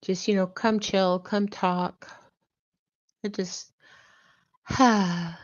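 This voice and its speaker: Older woman host, casual rambling chat, slow and low, muffled lo-fi sound. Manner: relaxed, rambling with ums. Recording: dull lo-fi audio.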